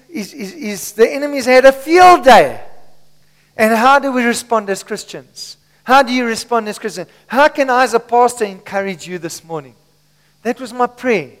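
Male pastor, very high smooth voice, emphatic sermon delivery, reverberant hall. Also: fairly bright tone. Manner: preaching with slow emphatic stresses.

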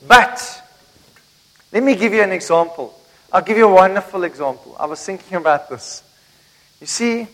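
A man's voice: sits high, a bit bright, low-quality recording. A South African man preaching a sermon to his congregation, telling stories and asking the listeners questions. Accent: South African English. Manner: storytelling, asks the congregation questions. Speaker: pastor. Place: church.

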